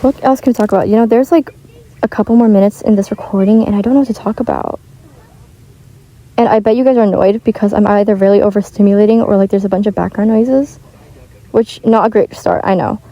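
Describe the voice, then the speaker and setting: Mellow-voiced teen girl rambling casually. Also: medium pitch, fairly even intonation, fast, poor audio. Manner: chatty, rambling, heavy use of "like". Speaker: gaming vlogger. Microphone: home microphone, not high-end.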